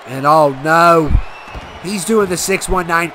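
A man commentating a wrestling video game play by play, excitable and given to shouting and cheering at the big moments. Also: a little high, slow pace, rough recording. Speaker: gaming channel host. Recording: loud game crowd and noise behind.

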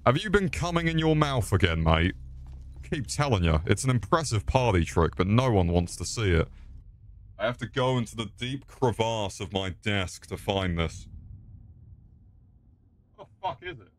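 A man's voice: lowish voice, lively intonation, normal speed, long pauses. A young man swearing and mocking himself while streaming a game. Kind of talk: crude live-stream commentary.

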